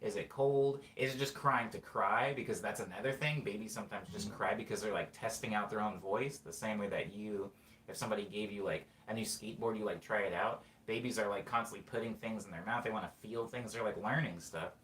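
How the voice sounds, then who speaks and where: A man's voice: on the low side, a little fast, a bit bright, slight background noise. A man talking through a casual, rambling monologue as host, full of fillers and restarts. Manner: rambling, filler-heavy, self-correcting. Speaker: podcast host. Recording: echoey room with faint ambience.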